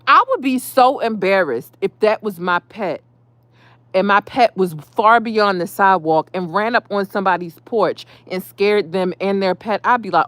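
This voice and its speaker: A woman venting casually about a neighbor, animated and profane. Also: mid-range voice, normal speed, no room sound. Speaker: vlogger. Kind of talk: casual storytime rant.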